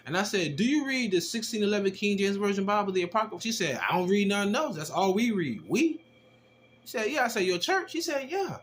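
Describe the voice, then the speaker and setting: A man casually telling a personal testimony, animated and slangy, with rough language as he acts out the exchanges he describes. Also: sits high, slight background noise. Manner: animated, slangy and profane, acting out quoted exchanges. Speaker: storyteller giving a personal testimony.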